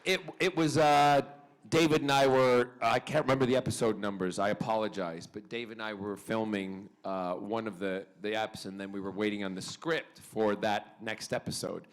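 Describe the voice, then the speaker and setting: A man's voice: on the low side, steady tone. Playful man telling stories on stage. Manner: playful, theatrical, quick to laugh. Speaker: guest actor at a fan convention panel. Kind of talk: animated anecdote telling to a crowd. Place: convention hall stage.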